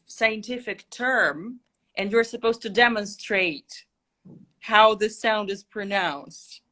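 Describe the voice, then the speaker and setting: A woman's voice: mid-range voice, slow, bright, forceful tone. Russian-born woman, near-American accent. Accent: near-American English, Russian-born. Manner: chatty, restarts often, explains with examples. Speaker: guest. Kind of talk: casual livestream interview.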